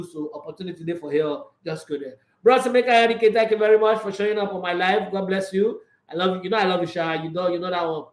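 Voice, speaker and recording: A man with a Nigerian accent hosting a casual sports livestream, animated, laughing often and switching between Pidgin and English. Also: high voice, reverberant.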